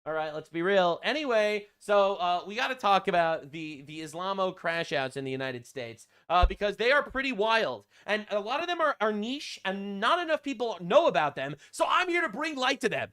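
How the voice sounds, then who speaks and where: Male channel host, high lively voice, bright and sharp, sarcastic mocking commentary. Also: moderate pace, few pauses, clear, resonant tone. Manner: mocking, deadpan sarcasm with frequent fillers.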